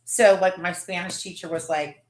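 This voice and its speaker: A woman's voice: fairly low pitch, fairly even intonation, moderate pace, echoey room. A woman hosting a casual livestream, chatting and greeting viewers by name. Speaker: livestream host.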